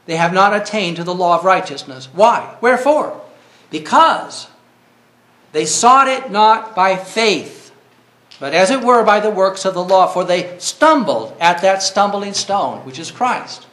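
High-voiced man preaching a sermon. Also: expressive, measured pace, fairly bright tone, roomy sound. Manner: earnest preaching, rising to cries when quoting.

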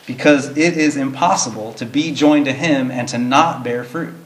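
A man's voice: medium pitch, moderate pace. Earnest male Bible teacher, roomy echo. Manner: earnest, explains plainly, reads verses in King James wording. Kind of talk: verse-by-verse Bible study teaching.

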